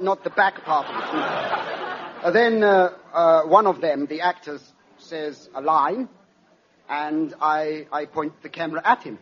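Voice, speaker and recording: A man playing a halting, deadpan film director. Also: a little high. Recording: dull lo-fi sound, noisy crowd.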